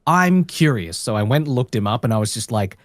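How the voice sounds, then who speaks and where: Low-voiced man chatting as a guest. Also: quick pace, darkish tone, no room sound, clean studio sound. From Australia. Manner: rambling, puts on voices in quoted asides. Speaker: guest voice actor. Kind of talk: casual podcast conversation.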